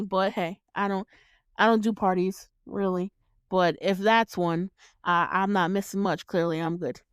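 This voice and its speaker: A woman's voice: medium pitch, clear, resonant tone, no echo, studio quality. A woman hosting her own show, recapping a movie in casual chat, swearing freely, laughing often and acting out her reactions. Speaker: podcast host reviewing a film.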